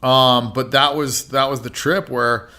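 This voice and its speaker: A man's voice: medium pitch, fairly even intonation, a little slow, sharp tone. Rambling, profane man telling a story. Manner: rambling, profane, lots of "like" and "you know". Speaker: podcast guest. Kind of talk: casual storytelling.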